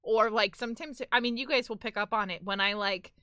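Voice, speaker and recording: A woman's voice: on the high side, a little fast, pushed and bright, dry recording, clean studio sound. Chatty New York woman streamer. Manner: chatty, rambling with lots of "like". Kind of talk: casual live-stream chat.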